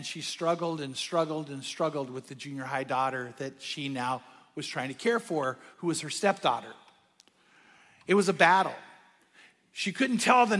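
A male pastor preaching a conversational sermon with bursts of energy and sudden hushed asides. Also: on the high side, long reverb tail.

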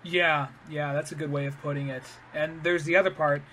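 A man's voice: fairly high pitch, steady tone, brisk, pushed and bright, slight background noise. A man co-hosting a podcast in casual chat, loose and rambling as he retells scenes. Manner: loose, rambling, trails off and restarts. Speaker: podcast co-host.

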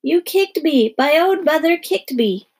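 A woman's voice: sits high, lively intonation, measured pace, vocal fry, husky, voice pushed up, heavily acted. A woman doing a bawling little crybaby girl. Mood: wailing. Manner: bawling, sobbing, wailing. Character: whiny eight-year-old crybaby girl.

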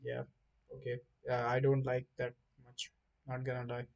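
A man hosting a casual podcast chat, rambling in an animated way and swearing freely. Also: mid-range voice, normal speed, vocal fry, highs cut off. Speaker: podcast host.

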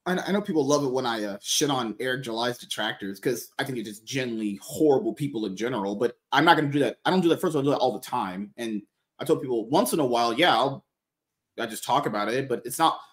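A man's voice: mid-range voice, animated, fast talker, husky. Man, podcast host, casual chat, rambling, swears freely.

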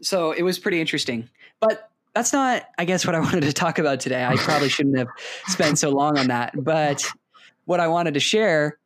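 A man's voice: on the high side, brisk. A young man casually telling a long story to a friend, acting out the people in it. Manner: animated storyteller, acts out quotes.

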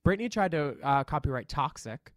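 A man's voice: on the high side, expressive, moderate pace, no room sound, studio quality. A man guesting on a podcast, chatting casually with a campy, witty, sassy delivery. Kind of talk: casual chat.

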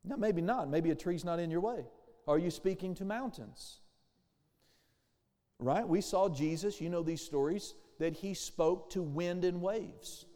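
A man preaching a sermon with a high, mellow voice. He calls for amens and slips into the voices of the people he quotes. His words ring out into a hall with a long tail of reverb. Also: unhurried. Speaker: pastor.

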